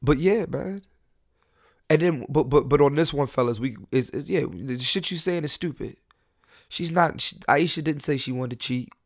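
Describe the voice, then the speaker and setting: A man hosting a solo podcast in casual, profane talk, animated, often restarting and repeating words as he rants. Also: medium pitch, dry recording, clean studio sound. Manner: animated, repetitive restarts, profane, laughs at himself. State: high on an edible. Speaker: podcast host.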